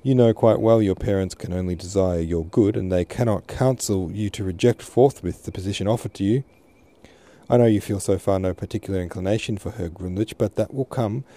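A man reads as a composed mother who speaks gently and evenly. The voice stays low and dark, with a mellow warmth. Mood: soothing. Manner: soothing, measured.

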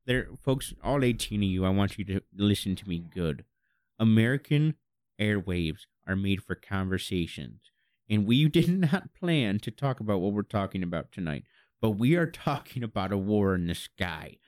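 Male comedy co-host, slightly low voice, deadpan and mock-serious, dry studio sound. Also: moderate pace, no echo. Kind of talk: absurdist comedy radio chat.

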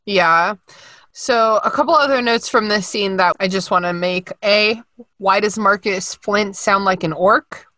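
A young woman co-hosting a podcast in casual chat, animated and sarcastic, laughing often. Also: medium pitch, unhurried, no echo. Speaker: podcast co-host.

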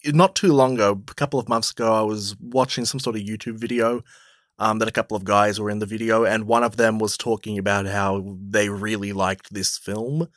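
Low-voiced easygoing podcast co-host. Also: male voice, steady tone, fairly quick, dry recording, clean studio sound. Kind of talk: casual film discussion.

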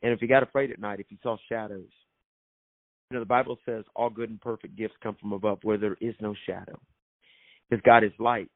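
A man's voice: fairly low pitch, fairly even intonation, a little fast, no echo. A man, an author and minister, telling his faith story as a guest in an emphatic, preacherly way and repeating phrases for effect. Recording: thin phone-like sound, dry.

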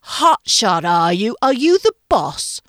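A woman's voice: medium pitch, very animated, takes it slowly, dry recording, studio quality. A woman doing a sweary blustering boss. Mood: bullying. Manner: loud, sweary, bullying. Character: blustering male boss faking a shouty English chef.

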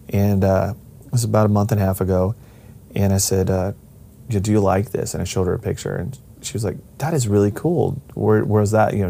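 A man's voice: on the low side, creaky, warm tone. A middle-aged man telling a personal family story in a casual way, rambling with restarts and acting out the voices of the people he quotes.

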